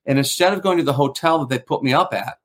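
Fast-talking middle-aged male storyteller. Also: mid-range voice. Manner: rambling anecdotes with acted-out quotes. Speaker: guest ventriloquist and magician. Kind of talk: casual interview storytelling.

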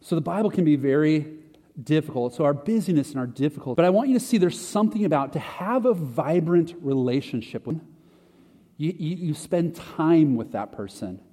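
A man's voice: on the high side, animated, brisk, dark tone. A man preaching a conversational sermon, talking casually and poking fun at himself. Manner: conversational, self-deprecating preaching with restarts. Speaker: pastor. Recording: long hall reverb.

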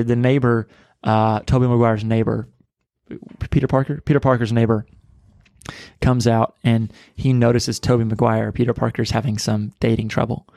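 A male pastor co-hosting a casual podcast talks through his ideas earnestly, pausing on fillers and restarts. His voice sits at an ordinary middle pitch, and it is recorded in a dry, close setting with little room sound. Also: vocal fry, darkish tone, dry recording. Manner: earnest, conversational, frequent fillers.

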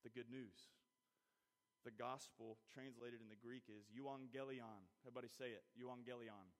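A man's voice: mid-range voice, level tone, moderate pace. A man preaching a sermon in a church, earnest and personal, building to emphatic peaks as he tells a story from his own life. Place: church sanctuary. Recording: long reverb in a large hall.

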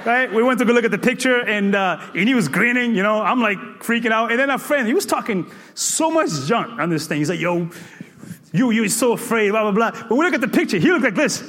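A man from Cape Verde preaching in a comic, animated storytelling manner, full of playful exclamations and laughter. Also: extremely high pitch, fast, few pauses, slight background noise. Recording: echoey hall reverb.

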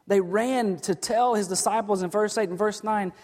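A man preaching a sermon as a pastor, earnest, moving from hushed lines to emphatic ones. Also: high voice, normal speed, few pauses. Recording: long hall reverb.

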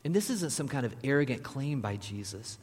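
A man's voice: medium pitch, big pitch swings, brisk, a little mellow, husky. A man, a pastor, delivering a conversational sermon and turning now and then to speak directly to the congregation. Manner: conversational preaching with asides to the audience. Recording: long reverb of a large hall.

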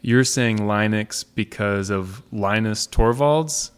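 A man's voice: lowish voice, slow pace, clean tone. A man hosting a casual conversation, curious and self-deprecating, asking his guest questions.

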